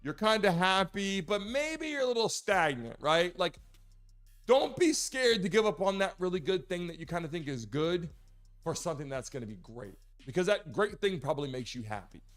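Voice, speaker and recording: A man hosting a solo sports talk show, animated, swinging between loud emphatic bursts and low muttered asides. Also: normal speed, soft background music. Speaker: host.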